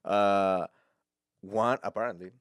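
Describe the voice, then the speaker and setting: Casual chat from a lowish-voiced man, halting and giggly. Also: steady tone, smooth, no room sound, studio quality. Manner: halting, laughs often, switches into Spanish for bits. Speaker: podcast host.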